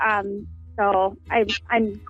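Soft woman caller on a tinny phone line. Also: medium pitch, little pitch movement, very slow, no echo. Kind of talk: phone-in call. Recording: tinny phone line, dry, faint music.

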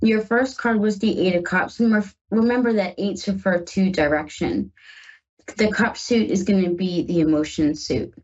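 A woman's voice: medium pitch, moderate pace, a little mellow, muffled recording. A woman from the northern United States hosting a live call-in psychic radio show, chatty and reassuring as she reads tarot and talks to her listeners.

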